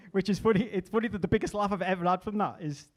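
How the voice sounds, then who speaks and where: A man's voice: high-pitched, fairly quick. Liverpudlian man doing stand-up. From England. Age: middle-aged. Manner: chatty, deadpan asides, repeats words when restarting. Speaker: stand-up comedian. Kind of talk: stand-up comedy set.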